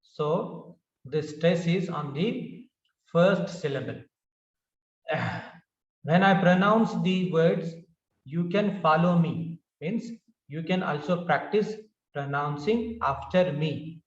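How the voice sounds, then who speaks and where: A man with an Indian English accent, teaching English pronunciation by reading word lists aloud one word at a time and briefly explaining stress. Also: a little high. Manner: reads word lists slowly with pauses, adds short explanations with fillers. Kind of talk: slow word-by-word pronunciation drill. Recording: dull, roomy, slightly distant mic.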